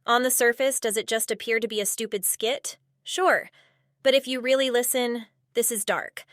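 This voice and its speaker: A woman's voice: on the high side, steady tone, moderate pace, fairly bright tone, no room sound, studio quality. A woman narrating a commentary video in a blunt, sarcastic scripted voice-over. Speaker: commentary YouTuber.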